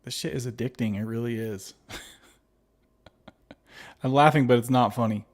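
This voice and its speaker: Casting note: easygoing man, mid-pitched, hosts a livestream, reads chat, laughs a lot. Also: moderate pace. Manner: laughs often, reads chat aloud and replies; friendly, calls viewers babies and buddy. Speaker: livestream host. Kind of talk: casual livestream chat reading comments.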